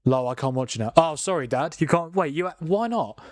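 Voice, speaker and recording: A man, hosting a live football watchalong and chatting in a rambling, animated way, with plenty of laughs and restarts. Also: fairly high pitch, brisk, dry recording, studio quality. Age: 40s. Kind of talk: casual live commentary and chat.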